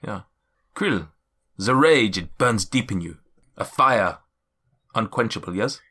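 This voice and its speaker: A man voicing a friendly male cloud giant in a put-on German accent, speaking slowly and solemnly and asking "yes?" after each point. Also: fairly low pitch, animated, sharp tone, breathy edge, exaggerated voice. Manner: slow, solemn, ends lines with "yes?". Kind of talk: tabletop game character voice.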